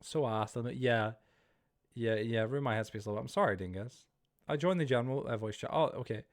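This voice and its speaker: A man's voice: medium pitch, fairly quick. A man streaming live, chatting casually and rambling to his viewers while he plays, easily startled. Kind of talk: casual livestream chat while gaming.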